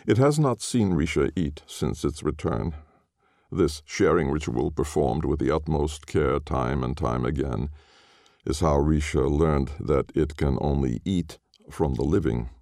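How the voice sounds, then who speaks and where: A man narrating a dark audiobook in a slow, grave, measured way. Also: very deep voice, creaky, no room sound, studio quality.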